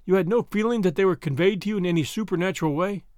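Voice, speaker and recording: A man doing a hushed, haunted railway signalman. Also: rapid-fire, no room sound, clean studio sound, natural voice. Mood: uneasy. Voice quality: low, hushed voice. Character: haunted, troubled middle-aged male railway signalman.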